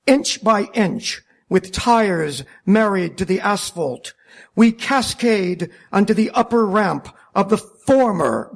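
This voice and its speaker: Gravelly high-voiced man telling a wry story. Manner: wry, deliberate, self-mocking. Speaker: narrator, taxi driver. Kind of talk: first-person storytelling.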